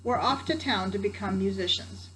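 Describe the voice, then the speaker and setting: A woman's voice: mid-range voice, normal speed, close to an everyday voice. A woman voicing an eager, talkative male donkey in a storybook reading, in a lifted voice, recorded at home with background hiss. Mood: cheerful.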